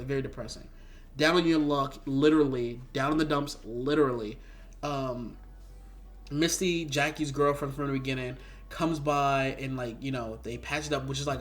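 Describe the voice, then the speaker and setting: Animated, slightly high-voiced man ranting. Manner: frustrated, animated ranting with fillers and restarts. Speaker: game reviewer. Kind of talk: casual spoken game review.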